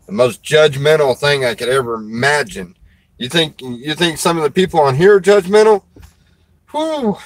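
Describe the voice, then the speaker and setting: A man's voice: on the high side, moderate pace, no echo, poor audio. A man, a preacher and show host, chatting casually in a folksy, rambling way and laughing often. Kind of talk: casual chat.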